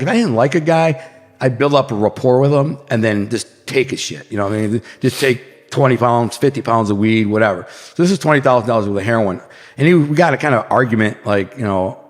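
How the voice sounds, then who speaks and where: An American man from the Detroit area appears as a podcast guest, telling crime stories in a casual, animated way while acting out gunshots and quotes. His voice sits on the low side, and the audio has a long reverb tail.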